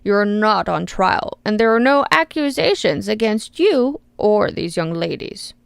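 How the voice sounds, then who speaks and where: A woman's voice: medium pitch, big pitch swings, unhurried, gravelly, smooth, no room sound. A woman voicing an aging male congressman who sounds bored, mocking and falsely friendly in an audiobook. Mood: patronizing. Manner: faux-friendly, patronizing. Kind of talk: audiobook character voice.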